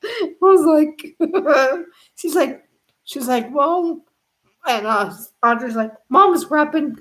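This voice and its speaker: A middle-aged woman telling a rambling family story in a live stream, laughing often as she goes. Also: high voice. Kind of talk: casual storytelling.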